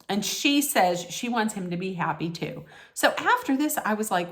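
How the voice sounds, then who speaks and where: A woman's voice: medium pitch, big pitch swings, a little slow, few pauses. A woman ranting casually in a vlog recap, blunt and emphatic, cursing freely and using plenty of fillers. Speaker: vlogger recapping a reality show. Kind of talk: casual rant.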